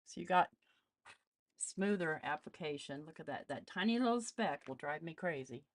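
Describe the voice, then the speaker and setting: A woman hosting a casual live art demonstration, chatting as she tests supplies and greets viewers. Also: low voice. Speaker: art channel host.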